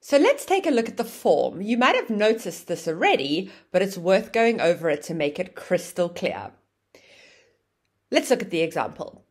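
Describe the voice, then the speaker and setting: A woman teaching an English grammar lesson, explaining clearly and acting out example phrases with exaggerated rising and falling intonation. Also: medium pitch, very animated, moderate pace, a little mellow.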